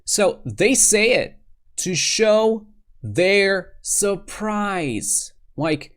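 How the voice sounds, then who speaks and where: Man teaching with a lively, varied pitch. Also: extremely slow. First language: Russian. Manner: explains clearly, then acts out short dialogue examples. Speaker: English teacher. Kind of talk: grammar lesson.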